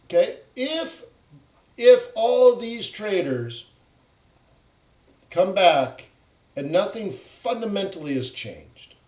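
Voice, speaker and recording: A man hosting a live trading stream, talking bluntly and animatedly and mocking traders in loud put-on voices. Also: high voice, big pitch swings, slow, long pauses, reverberant, poor audio. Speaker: forex trading host. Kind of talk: live-stream market commentary.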